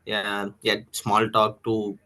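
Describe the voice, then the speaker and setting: Trainee man, lowish bright voice, halting, far from the call mic. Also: completely flat delivery. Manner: hesitant, many fillers. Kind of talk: answering in an online class. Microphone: video call, away from the mic.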